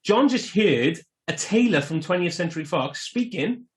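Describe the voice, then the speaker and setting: A man's voice: high-pitched, animated, moderate pace. A man co-hosting a podcast, casually explaining a film's plot and trivia in a matter-of-fact way. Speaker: podcast co-host. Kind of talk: casual film discussion.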